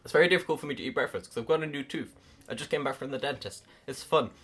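Early-twenties YouTuber, bright tone, loose rambling chat, casual swearing, laughs at self. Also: medium pitch, rapid-fire, breathy edge, soft background music. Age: early 20s.

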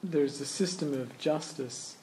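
A man's voice: a little high, measured pace, darkish tone, slight background noise. A man taking part in a Bible study discussion, adding his own point to the group conversation. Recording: distant mic, faint room ambience.

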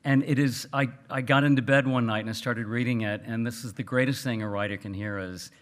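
A man from South Texas, speaking earnestly to an audience at a book event, halting and full of fillers. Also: medium pitch, steady tone. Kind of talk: casual remarks to an audience.

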